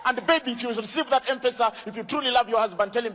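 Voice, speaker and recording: A man doing a stand-up routine, calling out loudly to the crowd. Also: extremely high pitch, fast talker, hardly any pauses, big-room sound. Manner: loud, calls out to the crowd. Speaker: stand-up comedian. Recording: noisy live stage recording.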